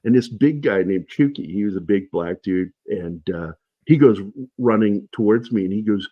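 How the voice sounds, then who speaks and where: A middle-aged man telling animated stories in a casual livestream chat, his voice husky and low. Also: moderate pace, no echo, lo-fi sound. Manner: animated anecdotes, shouting in quoted lines. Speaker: guest.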